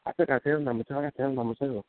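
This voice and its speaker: A man's voice: medium pitch, steady tone, rapid-fire. Rambling, cursing man on a tinny line. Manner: rambling, profane, repeats himself. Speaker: caller on a community call. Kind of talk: casual storytelling chat. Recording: tinny phone-like line, dry.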